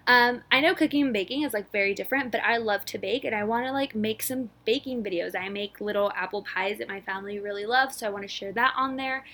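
A woman in her twenties hosting a casual solo podcast, bubbly and rushed, with lots of filler words and a slightly breathless delivery. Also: mid-range voice, pushed and bright. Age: 20s. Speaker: podcast host.

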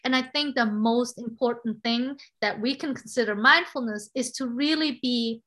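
A woman in her forties in casual conversation, an expressive and animated storyteller. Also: a little high, moderate pace. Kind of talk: casual conversation about relationships.

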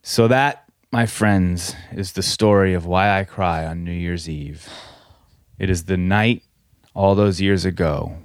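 A man co-hosting a podcast, reading a listener's rhyming letter aloud in a measured, solemn way. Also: deep voice, dry recording, clean studio sound. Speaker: podcast co-host.

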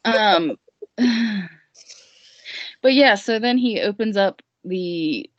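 A woman's voice: medium pitch, extremely slow, no echo. Rambling, jokey woman on a lo-fi mic. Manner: rambling, jokey, with lots of fillers. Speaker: guest recapping a musical. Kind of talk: casual podcast chat. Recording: dull lo-fi recording.

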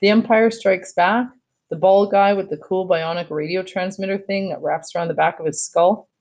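A woman's voice: on the low side, fairly even intonation, normal speed, a little mellow, natural voice, poor audio. A woman reading aloud as an upbeat, friendly male ear doctor who coaxes a young patient in a storybook. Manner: cheerful, coaxing.

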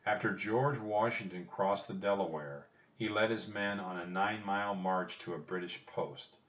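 A man narrating a children's storybook in a calm, measured reading. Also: fairly low pitch, distant mic, dull audio.

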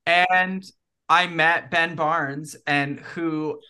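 Bright higher-pitched man telling stories. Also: drawn-out words, clean tone. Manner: lively storytelling with many likes and ums. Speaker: podcast guest. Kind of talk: casual chat.

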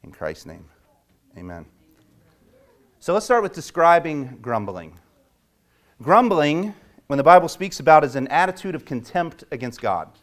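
A man delivers a sermon in a voice that sits a little above the usual male pitch. He preaches with fervor, rising sharply when he acts out quoted complaints and dropping to a hushed murmur when he prays. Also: big pitch swings, normal speed. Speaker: pastor.

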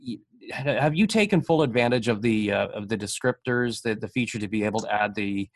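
Casting: quick, slightly low-voiced male host, eager and chatty. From North America. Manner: quick, eager, many restarts. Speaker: podcast host. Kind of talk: casual interview talk.

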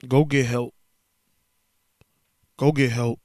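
A man's voice: mid-range voice, fairly even intonation, slow, darkish tone, no echo, studio quality. A man hosting a solo podcast, talking candidly and loosely in a casual, slangy way while sounding emotionally worn down. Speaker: podcast host.

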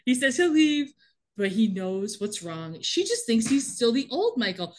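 A woman in casual chat, recapping a TV episode with lively, laughing delivery and quick acted-out lines. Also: a little high. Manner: animated, laughing often, acts out characters' lines. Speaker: podcast co-host recapping a TV episode.

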